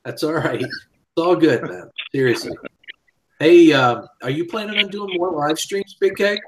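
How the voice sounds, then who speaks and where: A man's voice: fairly high pitch, normal speed, background noise. A man hosting a live stream, upbeat, reading viewer comments aloud. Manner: upbeat, reads chat aloud.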